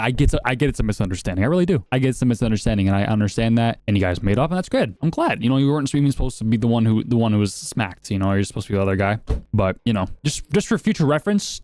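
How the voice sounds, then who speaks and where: A man's voice: medium pitch, a little mellow, no echo, studio quality. A young man casually telling crude prank stories, swearing often and laughing at his own jokes. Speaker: commentator. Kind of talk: casual storytelling.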